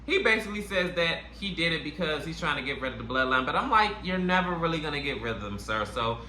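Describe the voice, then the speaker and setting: A man hosting a casual wrestling review channel, talking in an animated, slangy way with a New York accent. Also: on the high side, fast. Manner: animated, slangy, puts on playful voices. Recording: echoey room, faint noise.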